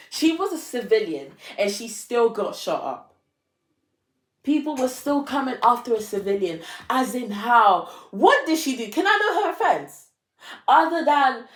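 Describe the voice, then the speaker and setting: A woman's voice: a little high, echoey room. Young woman in a dramatic confessional vlog. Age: young adult. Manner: dramatic, self-mocking, repeats phrases for effect. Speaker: vlogger. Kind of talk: emotional confessional monologue.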